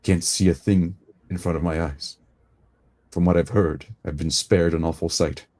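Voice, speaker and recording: A man voicing a frail, weary old male priest who speaks softly and falters. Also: low-pitched, steady tone, normal speed. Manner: faltering, soft, trailing off.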